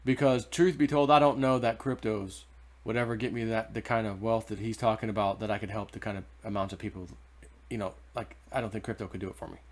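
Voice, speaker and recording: A man's voice: lowish voice, steady tone, fast, hardly any pauses. A man casually telling a personal story to his viewers, rambling with restarts and asides. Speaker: vlogger.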